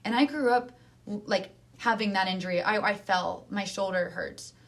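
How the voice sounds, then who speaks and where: A woman speaking earnestly in casual conversation, using lots of filler words and lively emphasis. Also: medium pitch, moderate pace. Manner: earnest, animated, many fillers.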